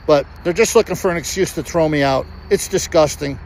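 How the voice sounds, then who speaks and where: A man's voice: on the high side, brisk, a little mellow, a little hiss or hum, poor audio. A man, ranting as a citizen reporter in an agitated, rambling, repetitive vlog, recorded outdoors near a road. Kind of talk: angry vlog rant.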